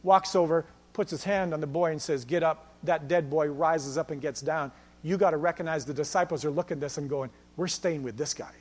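A male pastor delivers a sermon in an animated storytelling style and voices the people in his stories. His voice sits high for a man. The sound carries the long reverb of a church hall. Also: a little fast. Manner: animated storytelling, acting out quoted lines.

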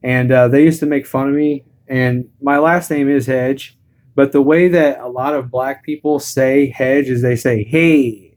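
A man's voice: medium pitch, steady tone, moderate pace, darkish tone. A man telling crude comic stories as a podcast co-host, rambling and profane.

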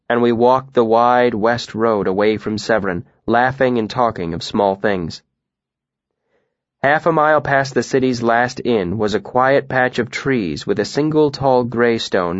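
A man reading a novel aloud in the first person, in a measured, even storytelling manner. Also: medium pitch, no room sound, lo-fi sound. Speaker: audiobook narrator.

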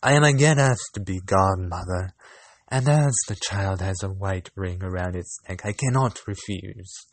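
Man reading as a sly greedy cat, cool and unhurried, low voice, dry sound. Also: no room sound. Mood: scheming. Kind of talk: storybook reading.

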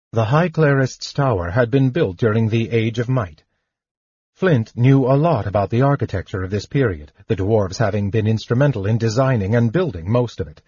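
A man reading an audiobook in steady scripted narration, on a muffled lo-fi recording. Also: mid-range voice, slightly rough, no room sound.

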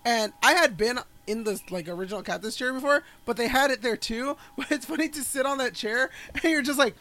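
A man with a notably high voice co-hosts a relaxed film podcast. He rambles, restarts his sentences and laughs often as he talks. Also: a little fast. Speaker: podcast co-host. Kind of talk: casual film podcast chat.

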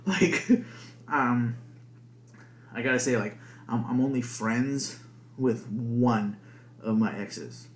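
A man's voice: medium pitch, fairly even intonation, measured pace, long pauses. A young man hosting a podcast alone, rambling casually with lots of swearing and filler words. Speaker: podcast host. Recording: echoey room.

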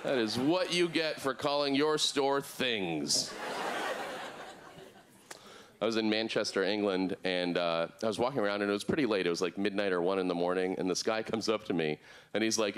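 A man in his thirties doing a deadpan, absurd stand-up routine on a club stage, jumping up into a high voice for the people he quotes. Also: normal speed, a little hiss or hum. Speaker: stand-up comedian. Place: comedy club stage before a live audience.

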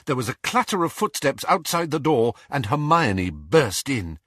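A man narrating an audiobook in a husky, slightly breathy voice that moves widely up and down. He reads expressively, stretching some phrases and rushing others. The sound is dry and close. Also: medium pitch, no echo. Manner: expressive storytelling, shifting pace for tension. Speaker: audiobook reader.

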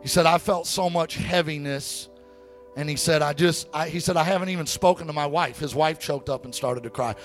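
In a church sanctuary with faint music behind, a man with a higher voice preaches a sermon a little fast. He opens with an easygoing personal story, then rises into shouted, sing-song preaching to the congregation.

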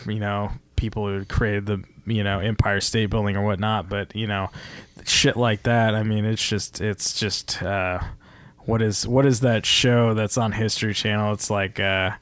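A man's voice: lowish voice, flat delivery, normal speed, a bit bright, clean tone, dry recording. A man hosting a podcast, talking in a rambling, casual way with lots of fillers and swearing. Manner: rambling, profane, many fillers. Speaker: podcast host. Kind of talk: casual chat.

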